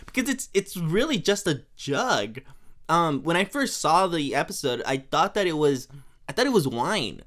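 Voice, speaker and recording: A young man hosting a podcast, casually recapping an episode, chatty and laughing often, briefly acting out lines in quick voices. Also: on the high side, very animated, fairly bright tone. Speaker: podcast host.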